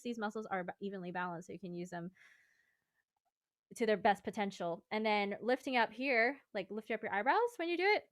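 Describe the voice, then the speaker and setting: A woman's voice: medium pitch, a bit bright, dry recording, studio quality. A woman vocal coach giving a casual singing lesson, explaining exercises in a chatty, rambling way.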